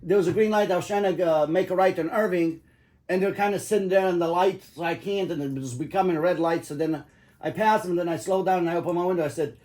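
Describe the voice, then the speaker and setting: A high-pitched, slightly mellow voice and fast delivery mark this middle-aged man casually telling his children stories. He rambles, swears, and laughs at his own tales as he goes.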